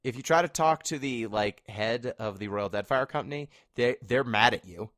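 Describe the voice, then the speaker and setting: A man's voice: mid-range voice, normal speed, a bit bright, no echo, clean studio sound. A man co-hosting a casual podcast chat, explaining things at length with wry asides. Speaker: podcast co-host.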